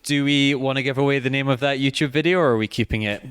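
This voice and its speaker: A man hosting a podcast, telling a story in a lively, casual way with a lot of laughing and some swearing. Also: mid-range voice, quick pace, clean tone, no room sound. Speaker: podcast host.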